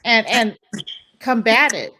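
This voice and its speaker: A woman's voice: on the high side, animated, slow pace, background noise. A woman hosting a podcast interview who asks questions casually and backs up her guest with frequent affirmations. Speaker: podcast host.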